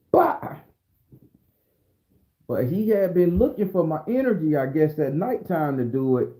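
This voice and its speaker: A man's voice: medium pitch, mellow. A man from southern Florida with a Southern accent, telling a story bluntly and profanely. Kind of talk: casual spoken storytelling. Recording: echoey room.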